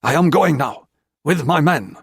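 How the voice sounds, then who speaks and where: A man's voice: fairly high pitch, expressive, measured pace, creaky, husky, dry recording, studio quality, voice pushed up, full character voice. A man reading an audiobook, voicing a cold, contemptuous Japanese army colonel who speaks curtly. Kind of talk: audiobook character voice.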